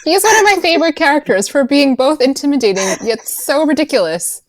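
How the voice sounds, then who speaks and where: Bright, high-voiced woman, dry close sound. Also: fast talker, no echo. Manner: animated, acts out quoted lines. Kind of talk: casual chat.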